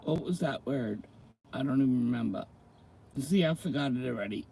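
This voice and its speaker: A man's voice: medium pitch, lively intonation, normal speed, vocal fry, dark tone, slight background noise, low-quality recording. A middle-aged man hosting a casual livestream, chatting with viewers, greeting them by name and reading slang terms aloud. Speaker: livestream host.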